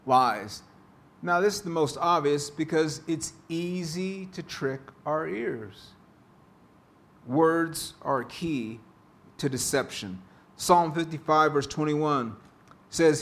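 A man preaching a sermon, reading scripture and telling jokes in a slow, deliberate way. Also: on the high side, a bit bright. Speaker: pastor.

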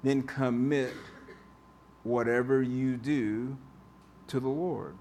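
A man's voice: medium pitch, fairly even intonation, slow pace, a little mellow. A male pastor giving a conversational sermon in a church, repeating key phrases for emphasis. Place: church sanctuary.

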